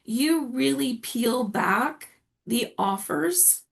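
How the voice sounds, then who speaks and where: Gravelly-voiced woman summit host. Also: sits high, expressive, extremely slow, a little hiss or hum. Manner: enthusiastic, praising the guest. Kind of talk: summit interview.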